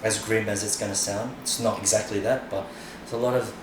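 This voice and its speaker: A man's voice: on the low side, fairly even intonation, brisk. A middle-aged man and podcast guest, chatting frankly and swearing freely, with lots of "you know"s. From Australia. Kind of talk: casual chat. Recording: very echoey room, mic far off, noisy.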